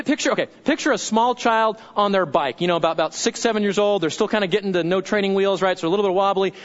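High-voiced man preaching in a chatty way. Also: fairly bright tone. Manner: conversational preaching, tags points with "right?"; repeats phrases and restarts mid-sentence. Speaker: pastor. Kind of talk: sermon. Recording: dull lo-fi sermon recording.

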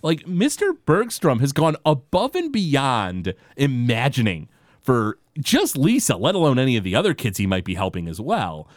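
A man co-hosting a casual podcast, retelling cartoon scenes with lots of fillers and quick impressions. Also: mid-range voice, huge pitch swings, dry recording, studio quality. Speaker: podcast co-host. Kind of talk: casual chat recapping a cartoon episode.

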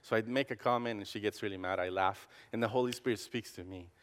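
A man's voice: lowish voice, fast talker, a bit bright. A campus pastor giving a conversational personal testimony sermon, restarting his sentences often and acting out the dialogue in his stories. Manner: conversational, with frequent restarts and fillers; acts out dialogue in storytelling. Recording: long hall reverb.

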